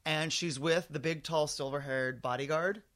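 A man in his forties spins a story in casual conversation, his voice sitting a little high for a man. He talks with lively energy and slips into the voices of the people he describes. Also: normal speed. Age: 40s. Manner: animated, acts out voices in his anecdotes.

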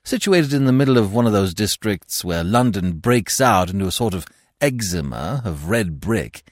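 A man narrating a classic comic novel in a wry, expressive manner, recorded on a close microphone. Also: fairly low pitch, moderate pace, dry recording.

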